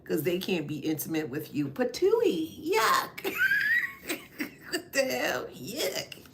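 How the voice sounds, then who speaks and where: A woman's voice: lowish voice, wildly swooping pitch, slow pace, noisy background. A woman giving a spiritual tarot card reading to her viewers. She laughs often and slips in mocking asides.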